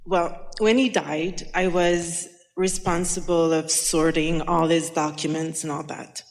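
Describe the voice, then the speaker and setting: A woman from the audience speaks into a handheld mic, telling a personal story before her question. She talks slowly and haltingly, with many fillers and restarts. Long reverb from a big hall trails her words. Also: low voice, fairly even intonation. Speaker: audience member asking a question.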